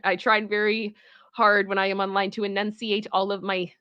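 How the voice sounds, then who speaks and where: A woman's voice: medium pitch, fairly bright tone, no echo, dull audio. A woman with a Toronto Canadian accent, chatting casually with her livestream chat, rambling with restarts and little asides. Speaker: livestream host.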